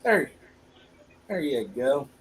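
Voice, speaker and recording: A man's voice: mid-range voice, animated, takes it slowly, husky, rough recording. A man hosting a casual live-stream fish auction, upbeat and loose, talking straight to his viewers. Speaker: auction host.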